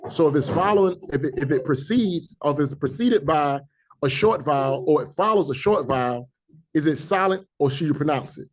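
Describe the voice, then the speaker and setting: A man's voice: a little high, expressive. Man teaching Hebrew pronunciation patiently. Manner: patient, repeats sounds slowly to demonstrate pronunciation. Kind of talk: classroom language lesson.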